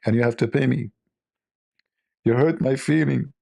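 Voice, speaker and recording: Gravelly, mellow-voiced man teasing his chat. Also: mid-range voice, moderate pace. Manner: teasing, joking, mock-offended banter. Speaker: livestream host. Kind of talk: casual livestream chat with viewers.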